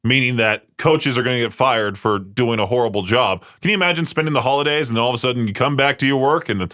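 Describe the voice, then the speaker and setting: A man's voice: medium pitch, fast, sharp tone. A male radio co-host in casual chat, ranting animatedly and acting out the voices of people he quotes.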